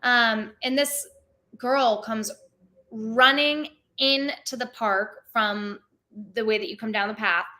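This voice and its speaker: A woman's voice: on the high side, slow pace, sharp tone. A young woman telling stories in a casual interview as a theme park performer, chatty and full of "like" fillers. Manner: chatty, many "like" fillers, laughs often.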